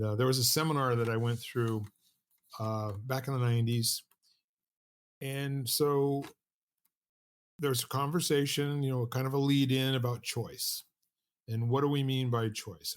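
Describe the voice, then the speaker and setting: A man in mid-range pitch co-hosting a relaxed podcast conversation. He tells his stories loosely, circling back with restarts and little "you know" asides. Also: normal speed. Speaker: podcast co-host. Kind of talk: casual conversational storytelling.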